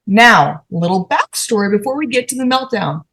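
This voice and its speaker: A woman on a podcast panel, telling a story in a casual, animated and profane way and acting out the dialogue. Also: mid-range voice, moderate pace, slightly rough.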